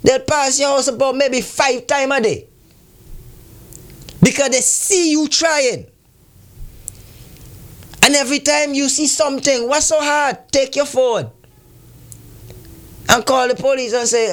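A man's voice: extremely high pitch, steady tone, measured pace, pauses often, a bit bright. A man giving impassioned community commentary, scolding his listeners with rhetorical questions.

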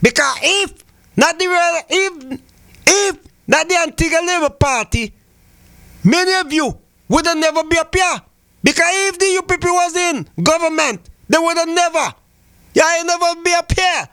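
A man's voice: extremely high pitch, moderate pace, pushed and bright, dry recording, studio quality. An older man from Saint Vincent with a Vincentian Creole accent, giving heated political talk on radio, preachy and fiery, repeating phrases for emphasis. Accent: Vincentian Creole English.

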